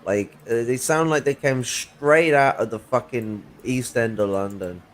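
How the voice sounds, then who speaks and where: A man's voice: mid-range voice, measured pace, slight background noise. A man in casual political chat on a livestream, rambling and swearing with many fillers and restarts, through a worn-out USB mic. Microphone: failing USB mic.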